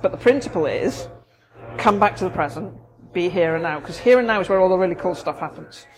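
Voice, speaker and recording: A woman's voice: on the low side, expressive, brisk, poor audio. A woman talks through ideas in an easy, conversational way, full of everyday examples. She is recorded in a busy coffee shop, with lots of chatter from the crowd behind her. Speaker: therapist. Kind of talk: casual explanatory chat. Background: café crowd chatter.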